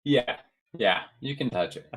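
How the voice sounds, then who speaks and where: A man playing a tabletop game, speaking hesitantly and halting with fillers. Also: mid-range voice, fairly bright tone. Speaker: player. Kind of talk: tabletop role-play.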